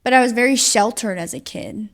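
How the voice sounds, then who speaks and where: Young woman's halting, casual testimony. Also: on the high side. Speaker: guest sharing a testimony. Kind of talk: personal testimony.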